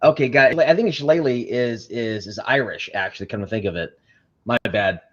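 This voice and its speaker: Man co-hosting, goofy and rambling, mid-pitched voice, dull audio. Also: brisk. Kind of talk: casual podcast chat.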